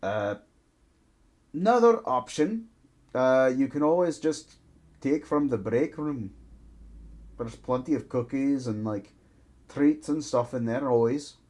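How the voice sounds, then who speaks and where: A man's voice: medium pitch, expressive, slow, long pauses, a little mellow. A man running a tabletop game on a livestream, easygoing and chatty with lots of filler. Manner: easygoing, chatty, laughs often. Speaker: game master.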